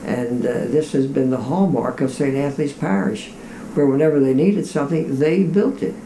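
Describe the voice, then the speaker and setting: A man recounting parish history in an interview, measured and admiring, recorded in an echoey room. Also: mid-range voice, mellow.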